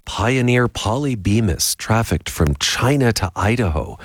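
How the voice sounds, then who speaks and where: A man as a radio reporter, reading a scripted news story in a measured, clear way. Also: fairly low pitch, lively intonation, no room sound, clean studio sound.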